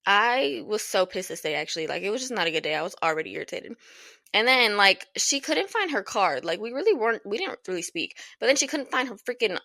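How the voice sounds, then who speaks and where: A woman's voice: medium pitch, sing-song, a little fast, vocal fry, bright, forceful tone, no room sound. A young woman hosting a podcast, giving casual advice in a blunt, emphatic way, swearing freely and repeating lines for emphasis. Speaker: podcast host.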